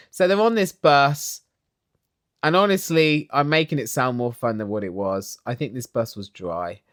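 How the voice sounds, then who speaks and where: Lively gossipy speaker ranting about TV. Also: medium pitch, dry recording, studio quality. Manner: animated, gossipy, exaggerated. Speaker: reality TV recap vlogger. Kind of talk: casual gossipy rant.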